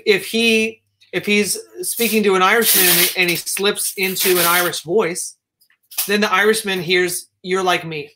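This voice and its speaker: A man from the United States hosting a casual discussion, talking in a digressive, halting way with many restarts. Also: sits high, bright, forceful tone. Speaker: host.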